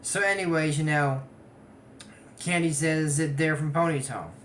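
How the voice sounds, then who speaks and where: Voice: medium pitch, fairly even intonation, unhurried, a little hiss or hum. A speaker in their twenties giving a casual, rambling recap of a cartoon episode, full of digressive asides. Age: 20s. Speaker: anime episode reviewer.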